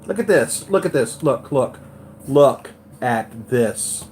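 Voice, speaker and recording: Man, toy collector vlogger, live unboxing chat, gushing, unhurried, faint background noise. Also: medium pitch. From United States. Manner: excitable, gushing, repeats himself.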